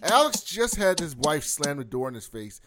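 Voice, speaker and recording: A man's voice: a little high, sing-song, moderate pace, a crowd in the background. A man co-hosting a casual TV recap chat, often laughing and acting out characters' lines. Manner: laughing, acts out quotes. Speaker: podcast co-host.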